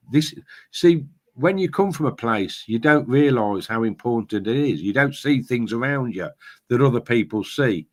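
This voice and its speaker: Rambling male storyteller on a video call. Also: medium pitch. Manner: rambling storyteller, acts out quoted voices. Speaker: party candidate.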